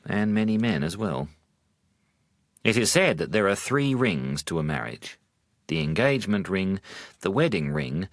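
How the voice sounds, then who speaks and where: A Buddhist monk telling wry teaching stories in a deep, low voice. His pitch rises and falls animatedly for the punchlines. The recording is dry and close. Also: fairly bright tone, dry recording. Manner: dry humor, measured. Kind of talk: storytelling talk.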